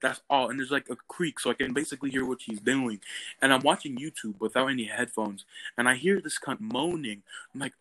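A young man telling stories in a loose, casual chat. He is animated and swears a lot, with a mid-range voice that jumps into loud outbursts. The sound is close and dry, with no room echo. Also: mid-range voice, fairly quick. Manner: animated, profane, bursts of loud exclamation.

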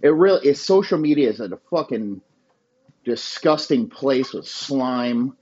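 A man's voice: mid-range voice, lively intonation, unhurried, a little mellow. A man hosting a podcast, delivering a crude, boastful, insulting comedic rant. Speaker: podcast host. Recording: dull lo-fi sound.

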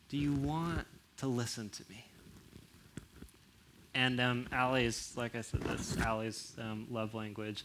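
A young man with a mid-range voice talks casually about relationships, acting out what people say in big expressive swings. When a point turns serious he goes quiet and low. A faint hiss sits under the recording. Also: a little slow, long pauses. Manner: animated, acts out quoted voices with big pitch jumps. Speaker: speaker on relationships. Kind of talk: casual talk to an audience.

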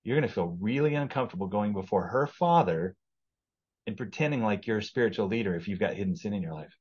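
A man's voice: lowish voice, expressive, fast, darkish tone, husky, dull audio. A man speaking earnestly as a podcast guest in a casual testimony conversation.

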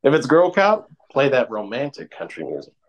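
A man co-hosting a podcast, chatting casually and telling profane, animated jokes. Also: mid-range voice, normal speed, dull audio, crowd noise. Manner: animated, profane joking storyteller. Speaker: podcast co-host.

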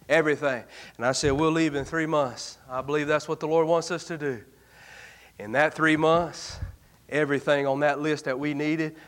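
A man preaching a revival sermon, telling folksy stories that swing from low murmurs to shouted exhortation.

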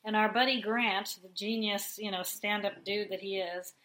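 A woman co-hosting a casual recap chat, opinionated and quick to tease. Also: mid-range voice, steady tone, a bit bright. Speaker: podcast co-host.

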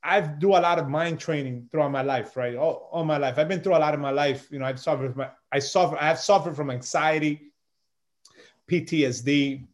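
A middle-aged man, a podcast guest and chef, telling a story in a loose, animated way and peppering his talk with "bro" and "man". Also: fairly high pitch, a little fast. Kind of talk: casual storytelling chat.

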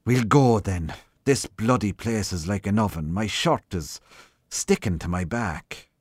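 A man's voice: deep voice, slow pace, dry recording, clean studio sound. A man reading as a grim weary sergeant. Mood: irritable. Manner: flat, terse and grim. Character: weary burly middle-aged rural police sergeant. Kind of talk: reading a short story aloud.

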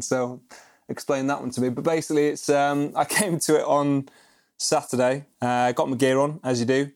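A man's voice: medium pitch, steady tone, normal speed. A man co-hosting a podcast, telling stories in a chatty, self-mocking way and laughing often. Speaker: podcast co-host. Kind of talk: casual podcast chat.

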